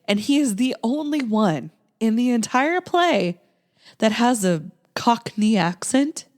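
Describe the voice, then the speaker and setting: A woman's voice: fairly high pitch, expressive, slow pace, darkish tone. A woman co-hosting a podcast in a casual, rambling chat, with many "like"s. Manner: chatty, rambling, lots of "like". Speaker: podcast co-host.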